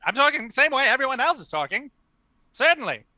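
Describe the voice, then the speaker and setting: Dude doing a slick huckster with a terrible fake accent, high lively voice. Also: male voice, rapid-fire. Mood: defensive. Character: young man in a bad fake old-timey accent.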